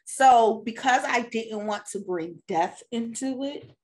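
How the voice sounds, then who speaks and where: A woman's voice: fairly high pitch, slow pace. A woman co-hosting a podcast, telling a casual family story with frequent laughs. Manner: laughs often, relaxed storyteller. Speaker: podcast co-host; mother and stepmother.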